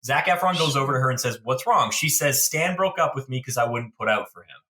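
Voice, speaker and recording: A man co-hosting a podcast, retelling a film in a lively way and acting out the quotes. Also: medium pitch, fast. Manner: lively storyteller, acts out quotes. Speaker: podcast co-host. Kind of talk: casual chat.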